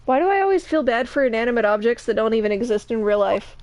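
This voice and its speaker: A woman's voice: fairly high pitch, animated, fast talker, few pauses, a little mellow, slight background noise. A woman streamer chatting casually with joking asides while playing a game. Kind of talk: casual let's-play commentary.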